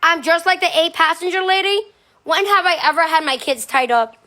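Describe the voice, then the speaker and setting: Woman on a phone livestream, super high bright voice, cussing and snapping back at commenters. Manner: defensive, profane, rapid-fire rhetorical questions; barks short commands at her dog.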